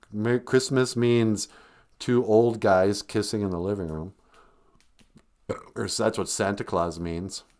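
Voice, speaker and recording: Low, slow, sarcastic male podcast host. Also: darkish tone. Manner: sarcastic, mumbling asides. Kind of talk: comedic podcast monologue.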